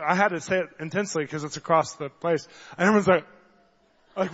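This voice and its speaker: A man preaching a sermon, telling stories in an animated way, acting out the voices of the people in them and getting loud at times. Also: high voice, fast talker, breathy edge. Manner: animated storyteller, acts out voices, gets loud. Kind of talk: sermon with storytelling. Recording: dull long hall reverb.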